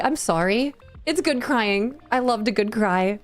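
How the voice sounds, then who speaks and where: A woman's voice: a little high, lively intonation, unhurried. A woman streaming a cozy game, chatting with viewers in a bubbly, giggly way. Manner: giggly and bubbly, laughs often, chats with viewers. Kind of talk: casual live-stream chat. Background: faint game music.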